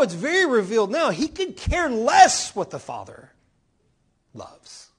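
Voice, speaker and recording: A middle-aged man preaching a sermon as a pastor, animated and full of rhetorical questions. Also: high-pitched, slightly rough. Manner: animated, rhetorical questions, voicing quoted speakers.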